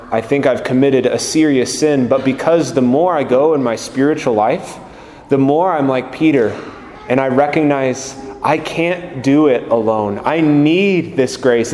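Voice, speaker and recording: A male priest giving a slow, gentle, earnest homily. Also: mid-range voice, a little hiss or hum. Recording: echoey room with long reverb.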